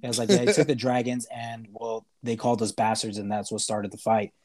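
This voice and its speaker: A man on a podcast, casually retelling a TV episode in a rambling way, with lots of fillers and quick acted-out quotes. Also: medium pitch, fairly even intonation, a crowd in the background. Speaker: podcast host. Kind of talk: casual chat recapping a TV episode.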